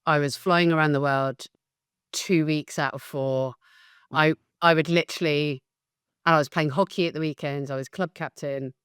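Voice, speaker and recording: Low-voiced woman telling her story. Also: moderate pace, clean tone, no echo, studio quality. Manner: animated, candid, emphatic storyteller. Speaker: guest, facilitation business founder. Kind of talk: podcast interview, personal storytelling.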